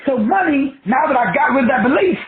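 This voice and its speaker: Man in his 60s, profane, animated preacher. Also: extremely high pitch, brisk. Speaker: spiritual teacher. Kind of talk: casual preaching talk. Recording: tinny phone-like audio in an echoey room.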